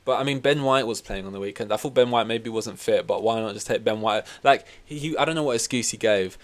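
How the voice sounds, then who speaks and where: Young guy, lowish smooth voice, rambling football podcast host who swears a lot. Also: fast. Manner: rambling, sweary, wry complaints. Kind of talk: casual football chat.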